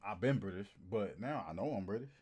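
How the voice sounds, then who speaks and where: A male streamer talks straight to his chat in a loose, slangy, profane way. His pitch swoops up and down a lot, and he repeats lines over and over for emphasis. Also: fairly quick, slightly rough, dull audio. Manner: animated and repetitive, repeating phrases for emphasis. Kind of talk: casual chat to a livestream audience.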